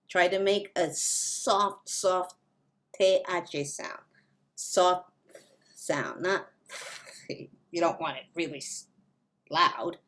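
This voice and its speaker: A woman leads a language lesson in a slightly low voice. She speaks slowly and deliberately. She models each word with care for learners to repeat. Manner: slow, careful modeling of pronunciation. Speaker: Spanish teacher.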